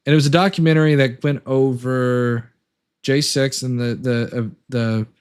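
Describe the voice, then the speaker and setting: A man's voice: medium pitch, fairly even intonation, moderate pace, a little mellow, smooth. A man hosting a casual livestream talk show, rambling and hesitant with many fillers.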